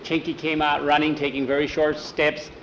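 Male storyteller, folksy spoken western, slightly high voice, faint hum under the recording. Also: level tone, moderate pace, highs cut off. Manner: folksy, repeats "he says" between quotes. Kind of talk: oral storytelling.

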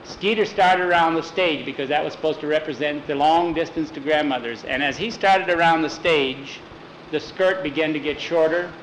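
A folksy male storyteller with a fairly high voice spins a funny tale, putting on voices for the figures. The recording is roomy and echoey, with a faint hiss underneath. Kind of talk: oral storytelling. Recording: roomy echo, faint noise.

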